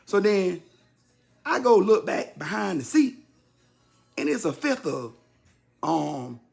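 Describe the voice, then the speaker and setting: A man in his fifties telling a personal story casually to his listeners, repeating himself for effect and jumping high and loud whenever he acts out what someone said. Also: slow pace, creaky, faint music behind. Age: 50s. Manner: animated, leaps high and loud when acting out quotes; talks straight to the audience, repeating himself.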